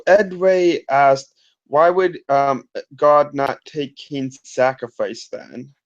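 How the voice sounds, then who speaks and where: Slow, halting man reading questions. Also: medium pitch, fairly even intonation. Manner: halting, many ums and restarts. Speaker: co-host reading viewer questions. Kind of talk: reading chat questions aloud. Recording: dull lo-fi sound.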